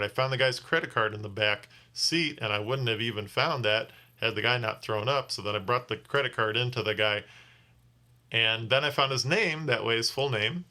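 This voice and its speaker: A man's voice: on the low side, sharp tone. A tired man telling a casual vlog story as a rideshare driver, rambling and often restarting his sentences. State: tired from little sleep.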